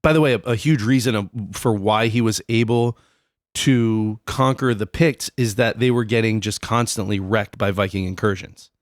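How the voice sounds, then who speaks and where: A man's voice: fairly low pitch, fairly even intonation, moderate pace, dry recording, studio quality. A man co-hosting a casual podcast, explaining history in a loose, rambling way with many fillers. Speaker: podcast co-host.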